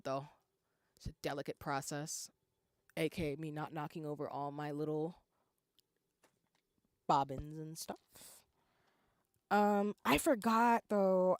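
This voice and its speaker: A young woman, chatting casually on a livestream while she works on lace, saying y'all a lot and breaking into excited squeals. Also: lowish voice, clear, resonant tone, dry recording, clean studio sound. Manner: chatty, says "y'all" often, bursts into squealing yells. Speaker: streamer.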